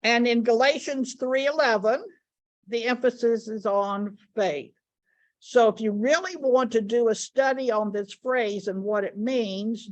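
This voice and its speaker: A woman with a slightly high voice teaches a Bible study lesson, speaking deliberately and repeating key words for emphasis.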